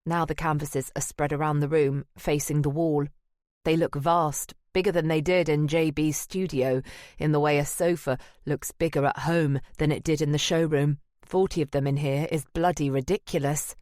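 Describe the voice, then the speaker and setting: A woman's voice: low voice, fairly even intonation, moderate pace, a little mellow, no echo. A woman narrating a first-person audiobook in a wry, dry manner. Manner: wry and dry, present-tense telling.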